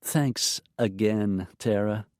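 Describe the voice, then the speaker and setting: Male narrator voicing a dry, patient young mom, slow and understated, audiobook. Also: on the low side, darkish tone, no room sound. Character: patient, wry young single mother.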